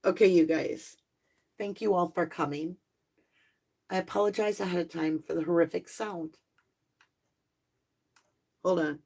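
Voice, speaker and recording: A woman's voice: on the low side, a little slow, creaky, pauses often, darkish tone, low-quality recording. A woman hosting a live stream, chatting casually and apologetically with viewers as she fiddles with her equipment. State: out of breath from the stairs. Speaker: host of a live tarot and spirit box stream. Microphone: phone.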